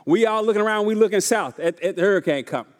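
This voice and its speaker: High-voiced preacher in a reverberant church. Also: male voice, fast. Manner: call-and-response preaching, often asks the congregation if they are ready; casual, folksy delivery with repeated phrases. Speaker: pastor. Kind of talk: sermon. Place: church sanctuary. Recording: long reverb of a large church hall.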